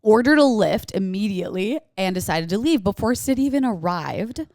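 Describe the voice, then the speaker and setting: A woman's voice: mid-range voice, animated, moderate pace, a little mellow, no room sound, studio quality. A young woman, co-hosting a podcast and chatting in a giggly, casual way. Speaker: podcast co-host. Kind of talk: casual chat.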